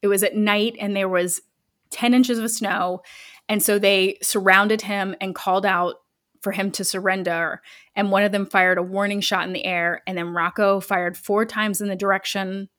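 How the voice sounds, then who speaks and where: A woman's voice: medium pitch, little pitch movement, moderate pace, a bit bright. Chatty woman telling a story. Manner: chatty, retells a story with asides and self-corrections. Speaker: podcast co-host. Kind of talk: casual storytelling chat.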